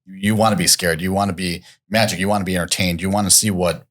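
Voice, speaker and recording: A man's voice: sits low, steady tone, fast, a bit bright. A man co-hosting a writing podcast, easygoing and joking, talking casually with lots of fillers. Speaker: podcast co-host. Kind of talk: casual chat.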